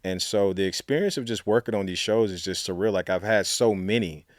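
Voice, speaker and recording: A man's voice: fairly low pitch, brisk, no echo, clean studio sound. A middle-aged man from Alabama, a guest telling stories in a casual, chatty way with lots of fillers. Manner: chatty, many fillers, acts out quotes. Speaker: guest, author and storytelling coach. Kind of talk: casual interview storytelling.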